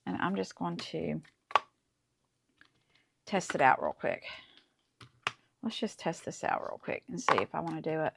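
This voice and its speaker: A chatty woman walks viewers through a craft project step by step. Her voice sits low and carries a gravelly edge. A faint hiss runs under the recording. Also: sing-song, unhurried, pauses often. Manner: chatty, enthusiastic, talks through each step. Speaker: crafting channel host. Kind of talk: casual crafting tutorial.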